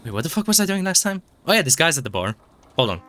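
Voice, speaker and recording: A man's voice: a little high, sing-song, fast talker, bright, forceful tone. A man streaming a video game, chatting in a rambling, self-mocking way, swearing a lot and stumbling over his words. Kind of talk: casual gameplay commentary. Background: game music.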